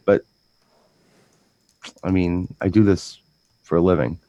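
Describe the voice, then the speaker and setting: Rambling, animated man with a low voice. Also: slow, dry recording, dull audio. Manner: rambling, animated storytelling with frequent restarts and mimicked voices. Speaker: DJ co-host. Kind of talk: casual chat.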